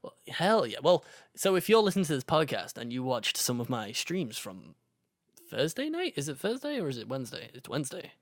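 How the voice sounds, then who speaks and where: A man's voice: mid-range voice, sing-song, fairly quick, no echo, clean studio sound. A man co-hosting a casual podcast, laid-back and easygoing in his banter. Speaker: podcast co-host. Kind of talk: casual chat.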